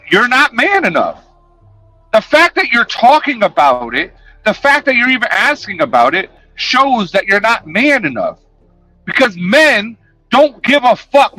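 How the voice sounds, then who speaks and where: A man's voice: very high voice, big pitch swings, measured pace, bright, forceful tone, no room sound, soft background music, poor audio. A man ranting to his chat on a livestream, profane, confrontational and sarcastic. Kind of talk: casual livestream rant.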